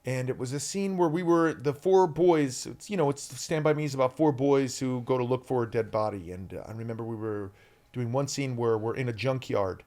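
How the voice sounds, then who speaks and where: Brief: male actor in his forties, animated interview guest, bursts of energy, average pitch. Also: a little fast. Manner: energetic, animated, shouts out quoted lines. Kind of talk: candid interview storytelling.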